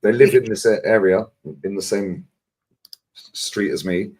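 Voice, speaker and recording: Man, London accent, low voice, jokey anecdote, casual chat. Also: steady tone, measured pace, darkish tone. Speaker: panelist. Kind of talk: casual storytelling.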